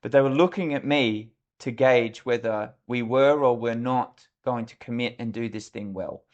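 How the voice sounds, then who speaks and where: A man's voice: medium pitch, normal speed, lo-fi sound. Middle-aged man, podcast guest; candid, reflective storyteller. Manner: reflective, frank, acts out remembered dialogue. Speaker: podcast guest, former military officer.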